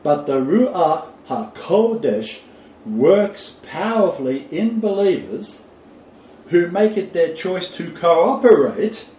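A man's voice: fairly high pitch, expressive, slow, slight background noise. A man teaching a Bible lecture to a small group, speaking emphatically and repeating his key phrases for weight. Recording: roomy, distant, dull lo-fi recording.

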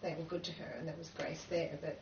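A woman in the congregation chimes in with a matter-of-fact account, her voice flat and even. She is well away from the mic, in a roomy space. The sound is dull, with faint ambient noise. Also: deep voice, fast, far from the mic. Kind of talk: casual chat.

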